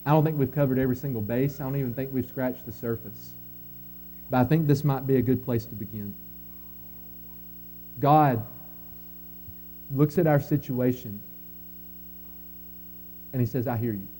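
A man preaching a sermon as pastor, earnest, rising to emphatic quotes and dropping soft again. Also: mid-range voice, moderate pace, long pauses, soft background music. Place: church sanctuary.

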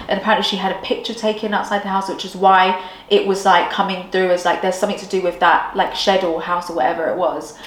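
A woman co-hosting a casual podcast, rattling off a story with eager excitement and constant fillers. Her voice sits at a middle pitch and rings in a roomy, echoey space. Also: fairly quick. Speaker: podcast co-host. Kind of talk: casual chat. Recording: roomy echo.

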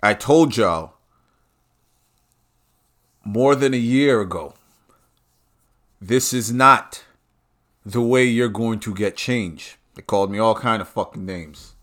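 A man's voice: lowish voice, takes it slowly, long pauses, fairly bright tone. A man delivering a heated, profane and repetitive ranting monologue.

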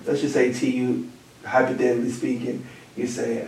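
A man's voice: medium pitch, completely flat delivery, moderate pace, gravelly, darkish tone, a little hiss or hum. Earnest man in a very echoey room. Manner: earnest, preachy, repeats his points. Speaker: podcast guest. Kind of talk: casual podcast chat. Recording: very echoey room, far from mic.

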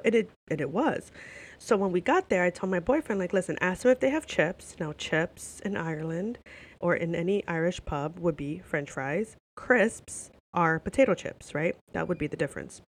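A young woman from the United States telling a travel story to camera in a casual, animated way, swearing and saying "like" often. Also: fairly low pitch. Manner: animated, swearing, lots of "like" fillers.

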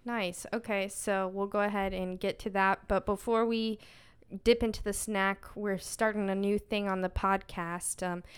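A young adult woman hosting a podcast, chatting casually and leading segments in a relaxed, steady way. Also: medium pitch, a little slow, clear, resonant tone. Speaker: podcast host.

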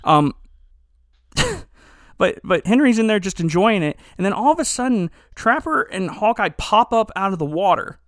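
A man hosting a podcast, telling stories in a casual comedic chat with animated, rambling energy. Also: high-pitched, normal speed, no echo, clean studio sound. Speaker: podcast host.

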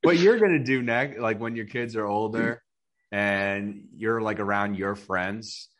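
A man's voice: lowish voice, unhurried. A man in his thirties co-hosting a podcast, reacting eagerly and riffing jokes in casual chat. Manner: eager reactions and jokey riffs. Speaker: podcast co-host.

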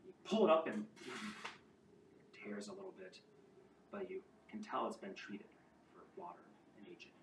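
A man narrating as game master of a tabletop game, with halting, restarting descriptions. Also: on the low side, very animated. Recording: roomy, distant mic with clear background noise.

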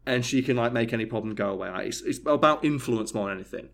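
A man's voice: medium pitch, quick pace, gravelly. A young man, casually telling a work story and acting out the dialogue. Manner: animated storytelling, acts out quoted dialogue, swears freely. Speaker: podcast co-host telling a story. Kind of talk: casual chat.

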